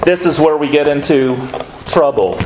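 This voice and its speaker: A man preaching a sermon as a pastor, conversational in tone, with quick acted asides as he talks through scripture. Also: a little high, a little mellow, reverberant, a little hiss or hum, rough recording.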